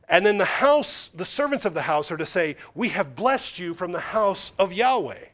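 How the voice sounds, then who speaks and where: A man's voice: normal speed, hardly any pauses. A man preaching a sermon as a pastor, asking and answering his own questions and acting out the people he quotes. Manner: animated, acts out the quoted voices with big pitch swings.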